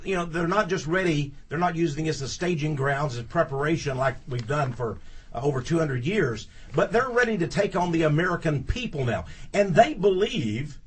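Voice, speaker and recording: A man's voice: fairly high pitch, husky. A man speaking as a guest on a studio talk radio show, emphatic and indignant, repeating words for stress.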